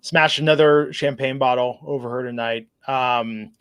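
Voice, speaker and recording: A man's voice: mid-range voice, steady tone, moderate pace, noisy background. A man hosting a podcast, chatting casually about wrestling and reading out listener comments, with plenty of fillers. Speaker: podcast host. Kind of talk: casual wrestling review chat.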